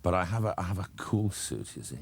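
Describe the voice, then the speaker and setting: Deep, droll male storyteller. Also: very animated, fast, creaky, slightly rough, no echo. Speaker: actor guest. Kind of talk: anecdotal interview answers.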